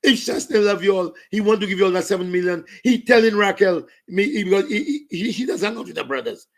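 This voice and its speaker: Saint Lucian man, fiery political rant, raised pitch, gravelly edge. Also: fast. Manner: ranting, switching into Creole and French. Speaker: political commentator.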